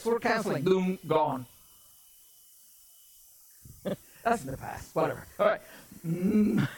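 A woman's voice: medium pitch, sing-song, moderate pace, pauses often. A woman pastor preaching a sermon, emphatic and often raising her voice for stress, with casual folksy asides.

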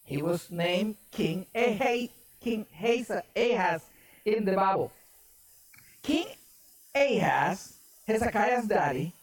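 A woman's voice: mid-range voice, animated, slow pace. A woman pastor preaching a sermon, emphatic and often raising her voice for stress, with casual folksy asides.

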